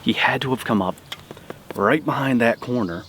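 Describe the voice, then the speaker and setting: A man's voice: mid-range voice, moderate pace, fairly bright tone, a little hiss or hum. A man whispering outdoors in the woods, hosting a hunting vlog on a camera mic, with birds heard around him. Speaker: hunting video host.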